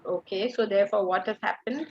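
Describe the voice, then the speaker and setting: A woman giving a class lecture as a Vedanta teacher, lively and asking her students rhetorical questions. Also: mid-range voice, fairly quick, dull audio.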